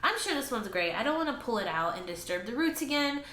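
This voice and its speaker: A woman's voice: a little high, fast. Chatty woman, plant vlogger. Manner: chatty and expressive, talks to her plants. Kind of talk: casual vlog narration. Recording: echoey room with faint ambient noise.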